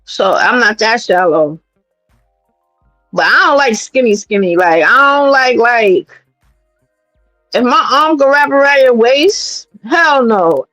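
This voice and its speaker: A woman from New York City hosting a livestream, talking in a blunt, profane and animated way as she gives her commentary. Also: a little high, slow, pauses often, no echo, faint music behind, low-quality recording. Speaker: streamer host.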